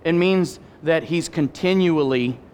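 A middle-aged male pastor giving an animated sermon, acting out voices and making candid personal asides. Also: a little high, measured pace, slight background noise. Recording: hall reverb.

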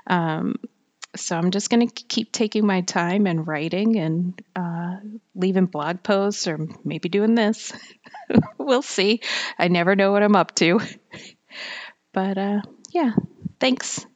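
A woman's voice: on the low side, unhurried, a little mellow. A woman writer talking alone on her podcast in a rambling, chatty way, with a slightly whiny voice, many fillers and frequent laughter. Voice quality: self-described whiny voice. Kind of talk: casual solo monologue.

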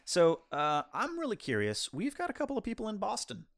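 A man's voice: high voice, a little fast, vocal fry. A man co-hosting a film review podcast, chatting casually and rambling through anecdotes. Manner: rambling storyteller, lively and chatty. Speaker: podcast co-host reviewing films. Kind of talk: casual chat.

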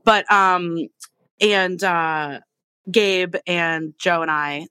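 A woman hosting a podcast, chatting casually and gushing, with quick asides. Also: on the low side, steady tone, pushed and bright, clean tone, no room sound. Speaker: podcast host. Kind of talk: casual chat.

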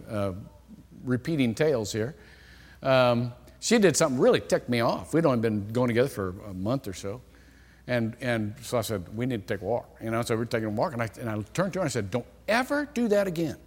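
A middle-aged man preaching a sermon, telling stories with lively acted-out dialogue. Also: medium pitch, slightly rough. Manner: animated storytelling, acts out quoted dialogue. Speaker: pastor. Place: church sanctuary. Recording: long hall reverb.

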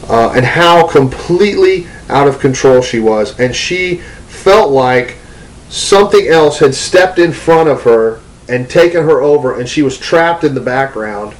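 A man of average pitch, a minister recounting a personal story. He talks in a loose, conversational way, stopping for ums and restarting his sentences as he goes. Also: animated, a little slow, poor audio.

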